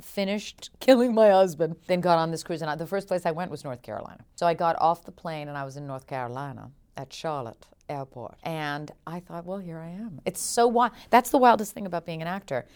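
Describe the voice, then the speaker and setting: A woman with a Mid-Atlantic American accent and a low, smooth voice. She is an actress telling lively anecdotes in casual podcast chat, often restarting her sentences. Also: fairly quick, hardly any pauses. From United States. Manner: animated storyteller, frequent restarts. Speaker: actress guest.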